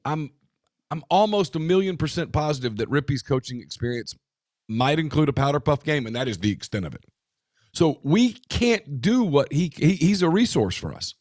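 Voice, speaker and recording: Animated man arguing football opinions. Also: a little high, no room sound, studio quality. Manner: animated, emphatic, quick asides and restarts. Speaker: podcast co-host. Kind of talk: casual sports talk.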